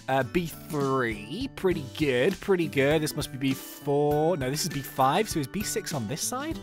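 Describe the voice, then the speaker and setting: A man's voice: a little high, sing-song, normal speed, few pauses, faint music behind. A man giving casual, playful game commentary, thinking aloud as he plays. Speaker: gaming YouTuber.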